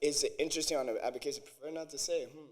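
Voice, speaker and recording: An artist being interviewed, talking in an earnest, halting way with lots of fillers. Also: male voice, fairly high pitch, steady tone, crowd noise. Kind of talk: casual interview chat.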